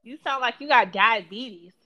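A woman's voice: fairly high pitch, normal speed, pushed and bright, muffled recording. A woman co-hosting a live talk show, teasing her co-host in profane casual banter. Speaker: podcast co-host.

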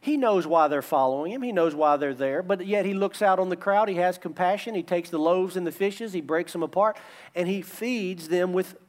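A man's voice: high voice, moderate pace. A man preaching a sermon as pastor, emphatic and repetitive, using call-and-response with the congregation.

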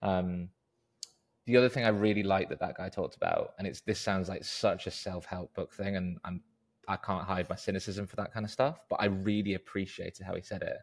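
Gravelly low-voiced British man chatting. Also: a little fast. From Britain. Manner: rambling, self-deprecating, restarts often. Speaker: podcast co-host. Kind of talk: casual chat.

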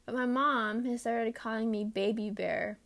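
A woman's voice: fairly high pitch, fairly even intonation, measured pace, a bit bright. A young woman hosting her own podcast alone, rambling casually and mocking herself with lots of fillers. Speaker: podcast host. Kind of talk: casual solo podcast chat. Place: her room.

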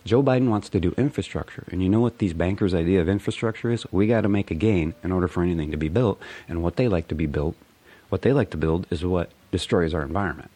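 A man's voice: deep voice, fast talker, warm tone, no echo. A man delivering a profane, rambling, sarcastic political rant. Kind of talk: ranting political monologue.

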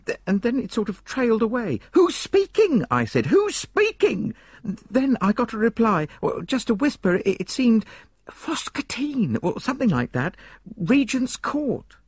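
A man voicing a flustered woman housekeeper in a high falsetto, frantic and gushing. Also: huge pitch swings, measured pace, breathy edge, no room sound, studio quality, heavily acted.

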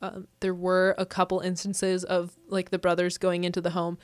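A woman's voice: fairly low pitch, completely flat delivery, moderate pace, smooth, no room sound. Chatty woman podcast host, dry sound. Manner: chatty storyteller with many fillers and laughs. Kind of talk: casual chat.

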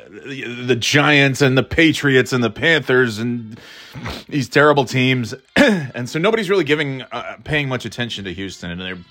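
Male podcast host, mid-pitched, rambling and profane, faint music bed. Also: a bit bright. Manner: rambling, profane, self-mocking, many restarts. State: throat irritated, clearing it. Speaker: podcast host giving football picks. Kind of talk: casual rambling monologue.

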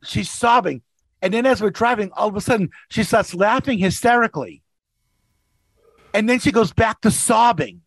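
High gravelly-voiced man telling stories. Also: moderate pace, no echo. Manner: animated, acts out voices in his anecdotes. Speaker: podcast regular, rideshare driver. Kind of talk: casual storytelling.

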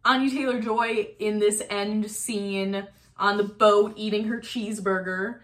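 A woman co-host recaps and weighs in on a film in a loose, talkative way and sprinkles "like" through her sentences. Her voice sits at a middling pitch for a woman. She states her opinions plainly. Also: steady tone, unhurried, a bit bright. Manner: chatty and opinionated, with frequent "like"s. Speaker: podcast co-host. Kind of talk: casual movie review chat.

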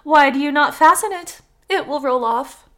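A woman's voice: a little high, big pitch swings, unhurried, pushed and bright, full character voice. A woman reading aloud as a scheming female fox who scolds and mocks, in a casual podcast storytelling read. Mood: chiding.

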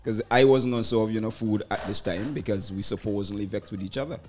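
Man, low voice, casual chat, slow measured storytelling, faint music behind.

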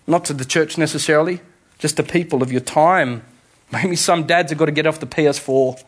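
Man preaching, somewhat high voice, conversational, emphatic repetition. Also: a little fast, slightly rough. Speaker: pastor. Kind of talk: sermon.

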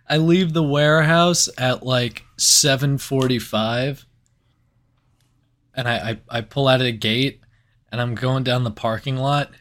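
A man's voice: mid-range voice, measured pace, fairly bright tone. A young man co-hosting a casual podcast, telling rambling anecdotes and laughing at his own stories. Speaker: podcast co-host. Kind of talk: casual storytelling chat.

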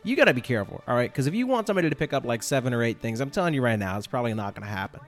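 A man hosting a podcast, telling a casual story in a rambling, animated way, full of fillers and checks like "all right?". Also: mid-range voice, racing. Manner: animated, exaggerated retelling. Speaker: podcast host.

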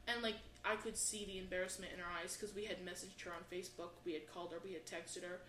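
Bright-voiced, foul-mouthed woman storyteller. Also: fairly low pitch, quick pace. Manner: animated, swears constantly, acts out voices. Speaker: podcast co-host. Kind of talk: profane comedic storytelling. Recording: roomy echo with faint background hiss.

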